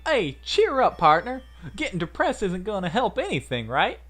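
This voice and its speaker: A man voicing a cheerful, peppy teenage girl with a put-on Southern accent, loud and folksy. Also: high voice, wildly swooping pitch, moderate pace, pitched above the performer's own voice, exaggerated voice. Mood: encouraging.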